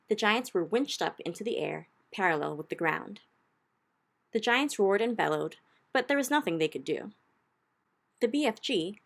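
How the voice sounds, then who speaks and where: A woman with a fairly low voice reads a children's book aloud, telling the story expressively and raising her voice at the exciting parts.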